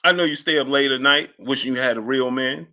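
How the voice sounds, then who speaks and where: A man's voice: mid-range voice, fairly quick, pushed and bright. A man doing an impression of a menacing, brash male boxer taunting his rival in a raised, swaggering voice.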